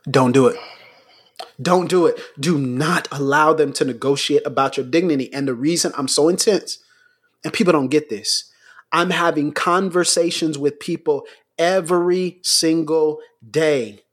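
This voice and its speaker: A man co-hosting a talk show who gives impassioned commentary. He hammers his points through repetition and surges upward into near-shouts. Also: fairly high pitch, a little slow. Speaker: podcast co-host.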